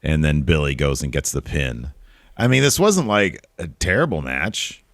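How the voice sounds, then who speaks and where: A man co-hosting a casual wrestling review podcast, joking and talking in an animated way. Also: normal speed, no echo, studio quality. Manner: animated, jokey, jumps into higher pitch for emphasis. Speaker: podcast co-host.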